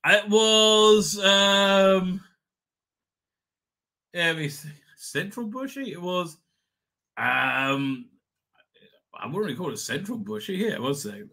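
Chatty, bright-voiced man. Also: sits high, expressive, slow, gravelly, pauses often. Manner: rambling, swears, chuckles often. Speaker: livestream host. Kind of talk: casual live chat reading comments.

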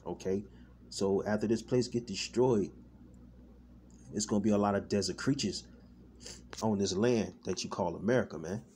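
There's a faint hiss or hum as a man with a lowish, darkish voice speaks at a moderate pace, taking long pauses. A street-style preacher, he gives a loose, repetitive online sermon full of "man" and "all right," often breaking off and restarting while searching for words.

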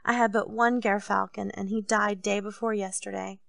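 A woman's voice: mid-range voice, level tone, normal speed, gravelly, fairly bright tone, no echo. A woman reading an audiobook, voicing a grown king who complains and grows indignant, his voice raised above her narration. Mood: complaining. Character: petulant, self-pitying king, grown man.

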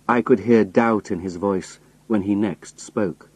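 A man reading a novel aloud in first person with slow, careful, expressive storytelling. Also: fairly low pitch, slightly rough, no room sound, poor audio. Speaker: audiobook narrator.

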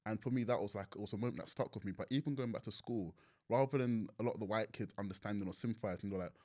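A young man with a London accent, a podcast guest telling stories in an animated way and laughing often. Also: on the low side, racing. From England. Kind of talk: casual interview chat.

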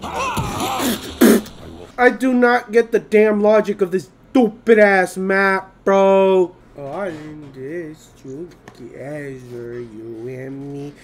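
A young man giving gameplay commentary, excitable, swearing and yelling at the game, on a headset. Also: high-pitched, very slow. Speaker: gamer. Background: game music.

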